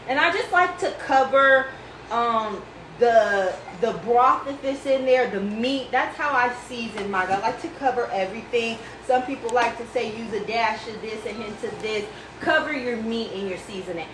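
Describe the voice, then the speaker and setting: A woman's voice: fairly high pitch, unhurried, roomy sound, recorded from a distance, noisy background. A woman hosting a casual home cooking video, chatty and reassuring, calling the viewer baby. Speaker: cooking vlog host. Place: home kitchen.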